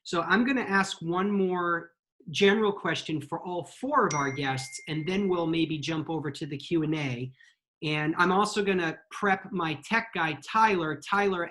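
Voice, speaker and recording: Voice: mid-range voice, a bit bright, poor audio. A host moderating a virtual fan convention panel over a video call, enthusiastic and friendly.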